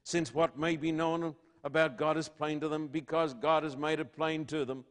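A man preaching a sermon to his congregation, asking rhetorical questions and swinging between loud declarations and hushed lines. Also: on the high side, steady tone, moderate pace. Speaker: pastor.

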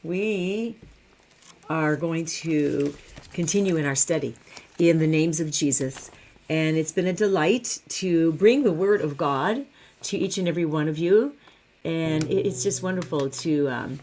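A woman's voice: deep voice, darkish tone. A woman teaching the Bible online, fervent and repeating phrases for emphasis.

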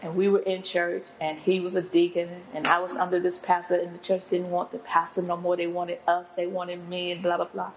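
Older woman, guest pastor; low and gravelly, preacherly storytelling. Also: monotone, fairly quick, hardly any pauses, slight background noise, low-quality recording. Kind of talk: testimony in an interview.

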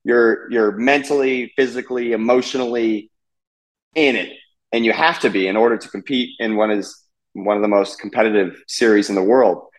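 A man's voice: fairly low pitch, steady tone, normal speed, poor audio. A man in his thirties, a race car driver, chatting casually in an interview with many fillers and restarts.

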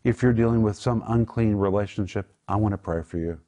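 Man, low voice, Bible teacher, preaching style, emphatic, earnest. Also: fairly quick, mellow. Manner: earnest, emphatic, prays aloud. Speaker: Bible teacher on a Christian talk show.

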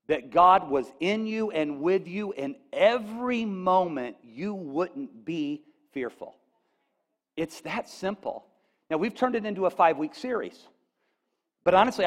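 A pastor preaching to his congregation, his voice pitched high for a man. He swings from quiet, confiding asides to loud, ringing declarations when he quotes Scripture, and checks in with the room as he goes. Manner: animated, rising to near-shouts on quoted lines; folksy asides, addresses audience with "okay?". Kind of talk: sermon.

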